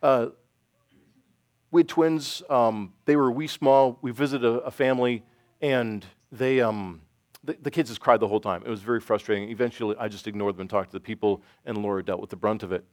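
A middle-aged man giving an informal church talk with audience questions, self-deprecating and halting, with many restarts. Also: medium pitch, steady tone, no room sound, studio quality. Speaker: church teacher. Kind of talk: informal sermon with Q&A.

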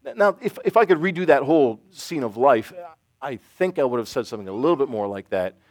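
A middle-aged man giving an informal church talk with audience questions, self-deprecating and halting, with many restarts. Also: mid-range voice, expressive, darkish tone. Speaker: church teacher. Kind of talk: informal sermon with Q&A.

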